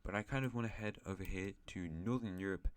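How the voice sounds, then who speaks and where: A man's voice: sits low, fast. A man hosting an alternate-history map series, narrating in a rambling, chatty way with self-mocking asides. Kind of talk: casual map-game commentary.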